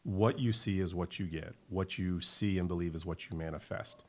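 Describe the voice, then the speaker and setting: A middle-aged man with a very low voice and a gravelly, creaky texture. He is an emphatic, animated storyteller who guests on a casual podcast. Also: moderate pace. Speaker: guest, winery owner.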